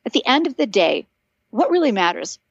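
A woman's voice: a little high, big pitch swings, brisk, gravelly, husky, dry recording, highs cut off. A woman in her fifties, a guest author, telling stories animatedly in a casual podcast conversation and acting out the voices she quotes.

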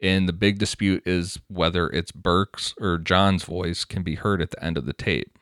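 Low-voiced man reading case notes. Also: fairly even intonation, normal speed, a bit bright, clear, resonant tone, dry recording, clean studio sound. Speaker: podcast co-host. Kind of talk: casual true-crime podcast chat, reading quotes aloud.

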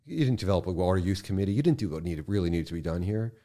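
A man speaking as a podcast guest in casual conversation, impassioned, swearing freely and swinging from quiet to loud bursts. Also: low voice, expressive, racing.

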